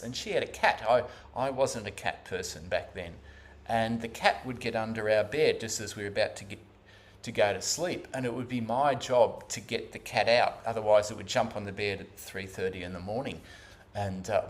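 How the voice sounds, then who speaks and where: Halting Australian man telling his story. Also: medium pitch. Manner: halting, many fillers and restarts. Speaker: Zen practitioner giving a talk. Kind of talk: personal storytelling talk.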